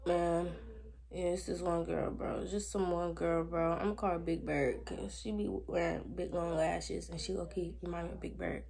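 Teen girl vlogger, sassy and animated, talking to camera. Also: on the low side, moderate pace, vocal fry. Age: teens. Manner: animated, sassy, talks straight to viewers. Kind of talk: casual storytime vlog.

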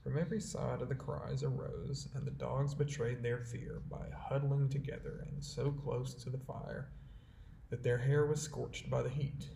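Gravelly man reading a story. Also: medium pitch. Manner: measured, steady reading. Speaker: audiobook reader. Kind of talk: storybook narration. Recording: roomy echo, faint background hiss.

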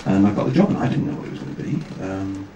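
A man, a guest actor at a fan convention, telling self-deprecating anecdotes on stage with halting restarts. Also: deep voice, animated, mellow, muffled recording. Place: large hall with audience. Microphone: far camera, amateur video. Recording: echoey hall from far off, noisy amateur video.

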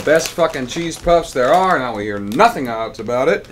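A man's voice: mid-range voice, lively intonation, normal speed, a little hiss or hum. A man, griping and rambling with stammers as he records commentary over his gameplay at home. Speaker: let's player. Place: home room with air conditioner.

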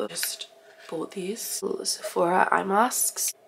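Stuffy-nosed young woman, gravelly. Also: mid-range voice, steady tone, a little slow. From England. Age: 20s. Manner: chatty, gushing, self-mocking. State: stuffy nose, getting sick. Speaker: vlogger. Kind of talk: casual vlog chat to camera. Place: home, indoors.

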